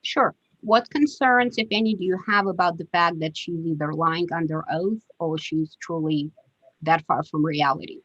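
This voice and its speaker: A woman attorney questioning a witness in a court hearing over a video call, measured and often pausing with fillers. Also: fairly low pitch, fairly bright tone, slightly rough, dry recording. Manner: measured, hesitant with frequent fillers. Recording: dull dry video-call audio.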